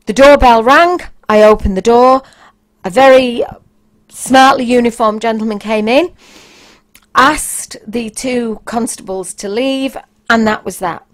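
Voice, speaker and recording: A woman's voice: on the high side, a little slow. A woman, hosting a podcast and telling frank anecdotes in a casual, blunt way, sometimes raising her voice for emphasis. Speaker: podcast host.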